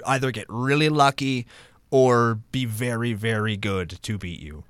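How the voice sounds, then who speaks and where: A mid-pitched man chatting on a podcast about card games. He reads rules aloud and reacts with loud, cheerful profanity. The recording is close and dry. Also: measured pace, clean tone, no room sound. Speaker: podcast co-host. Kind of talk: casual card game chat.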